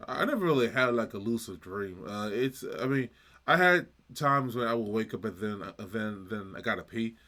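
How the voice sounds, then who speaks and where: Reaction video host, male, lowish pitch, halting off-the-cuff chat. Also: lively intonation, sharp tone. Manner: loose, halting chat with restarts. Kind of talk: casual reaction commentary.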